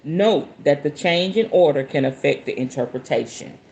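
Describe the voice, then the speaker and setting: A woman's voice: sits low, normal speed, a little hiss or hum. Chatty, laughing woman hosting a spiritual show. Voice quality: expressive, laughs often, talks straight to viewers. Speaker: spiritual podcast host. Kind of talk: casual chat and reading aloud from a book.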